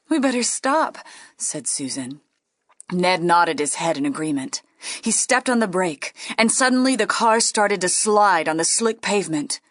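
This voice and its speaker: A woman reading a ghost story aloud, playful and dipping into hushed whispers. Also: mid-range voice, dry recording, studio quality. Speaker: guest storyteller.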